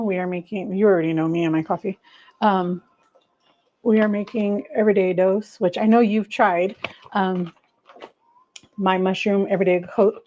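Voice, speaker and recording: A woman's voice: mid-range voice, dark tone, lo-fi sound. A middle-aged woman chatting casually on a home livestream, rambling and talking to viewers by name while she makes coffee. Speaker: livestream host.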